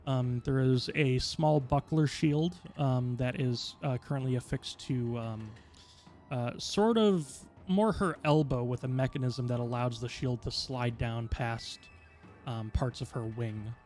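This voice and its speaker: A man runs a tabletop game session, describing the scenery at length. His delivery is rambling and filler-heavy, and his voice sits at a mid pitch. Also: unhurried, a little mellow, soft background music. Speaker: game master.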